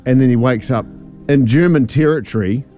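Brief: male radio co-host, lively storyteller, mid-pitched voice, faint music bed behind. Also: fairly quick. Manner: animated storyteller, laughs often. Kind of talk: casual radio banter, storytelling.

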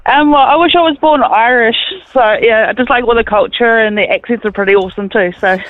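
A woman's voice: a little high, fast talker, no room sound, phone-quality sound, faint music behind. A woman calling in to a radio show, cheerful and laughing off requests. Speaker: caller. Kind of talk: phone-in radio call.

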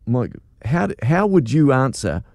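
A man's voice: medium pitch, moderate pace, gravelly, no room sound. An older man, telling stories as a breakfast radio host. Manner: animated storyteller, laughs easily. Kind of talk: casual radio chat. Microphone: studio microphone.

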